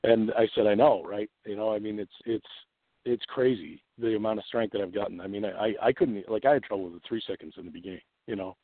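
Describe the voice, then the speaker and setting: Man guest, low voice, rambling phone chat, tinny dry line. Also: fast, dry recording. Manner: rambling, many restarts and laughs.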